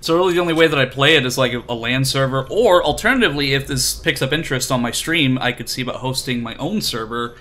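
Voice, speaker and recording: A man's voice: mid-range voice, fast, few pauses, pushed and bright. A man streaming a video game, chatting casually in a rambling, self-deprecating way with lots of fillers. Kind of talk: casual chat while playing.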